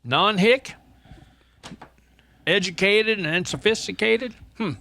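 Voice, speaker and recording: A man's voice: high voice, takes it slowly, creaky, sharp tone. Brief: male co-host from Indiana, playful jokester, rambling casual podcast chat.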